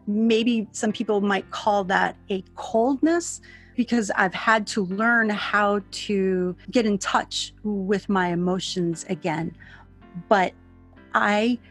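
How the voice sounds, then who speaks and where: A woman talking things through in a candid, reflective group conversation, circling back and restarting her sentences as she thinks. Her pitch sits in an ordinary middle range. Faint music plays behind her.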